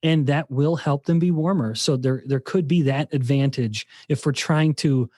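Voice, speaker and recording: A man's voice: a little high, darkish tone, no room sound, studio quality. A man who is a scientist, talking through ideas in a podcast interview, often restarting his sentences as he thinks. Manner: explanatory, thinks aloud with many restarts. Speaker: scientist and guest.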